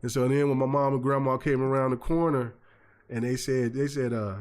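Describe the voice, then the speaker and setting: A man hosting a gaming podcast, telling stories in a lively, rambling way full of fillers and restarts. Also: mid-range voice, a little fast. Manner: animated storyteller, many fillers and restarts. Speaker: podcast host. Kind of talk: casual chat.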